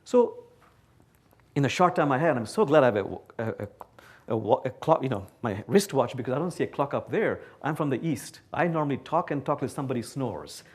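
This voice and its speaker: A man from Bangladesh, giving an animated, playful public lecture to a live audience. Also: medium pitch, fairly quick, breathy edge. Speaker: guest speaker. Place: talk before a live audience.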